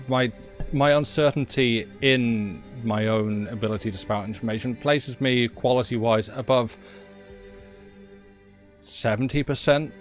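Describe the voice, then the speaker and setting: A British man chatting casually on a game stream, rambling and wry about himself. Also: mid-range voice. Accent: British English. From Britain. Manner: rambling, self-deprecating, wry. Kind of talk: casual live-stream chat.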